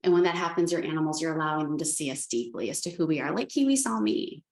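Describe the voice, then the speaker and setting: Woman animal communicator, chatty storytelling, lowish voice, roomy echo. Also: animated, fast. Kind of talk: spiritual talk. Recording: echoey room.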